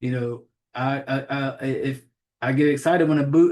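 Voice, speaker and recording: A man's voice: medium pitch, moderate pace, a little mellow. Rambling Southern man hosting a podcast. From Southern United States. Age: adult, has a child. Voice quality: rambling, profane, self-deprecating about names. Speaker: horror podcast host. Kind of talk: casual chat.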